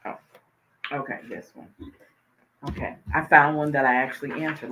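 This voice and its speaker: A woman hosting a talk show as a life coach, chatting casually and thinking aloud, then reading reflective lines in a slow, soothing cadence. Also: low voice, fairly even intonation, pushed and bright, a little hiss or hum, low-quality recording.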